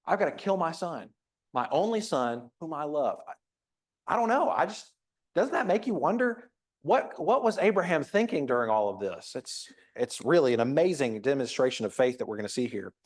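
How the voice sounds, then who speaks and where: A man's voice: on the high side, big pitch swings, moderate pace. A man preaching a conversational sermon in a church, reading scripture aloud and reflecting on it with frequent restarts. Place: church auditorium.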